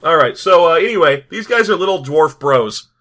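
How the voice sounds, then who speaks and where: A man's voice: fairly high pitch, lively intonation, normal speed, pushed and bright. A man co-hosting a casual chat about a tabletop game, joking and laughing often and restarting his sentences. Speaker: podcast co-host.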